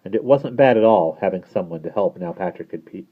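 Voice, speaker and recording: A man reading a children's novel aloud in a steady, plain storytelling manner. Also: low voice, a little fast. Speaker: reader. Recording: tinny phone-like sound.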